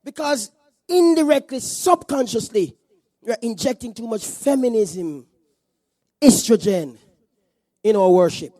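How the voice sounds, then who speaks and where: High-voiced joking preacher man. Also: animated, measured pace, pauses often, warm tone, no room sound. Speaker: pastor. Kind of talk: sermon. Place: church service.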